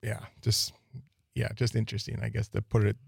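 A man in his forties from Wisconsin, a guest on a radio talk show, speaking hesitantly with many pauses and restarts. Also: on the low side, monotone, gravelly, breathy edge, no room sound, clean studio sound. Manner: hesitant, lots of uhs and restarts. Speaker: guest, veteran who runs a nonprofit. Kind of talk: casual radio interview. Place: radio studio.

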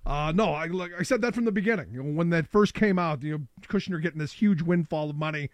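A man hosting a call-in talk show, sounding sick and rough-voiced, chatting casually. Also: fairly high pitch, dry recording. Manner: casual, chatty, quick asides. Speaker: radio talk show host.

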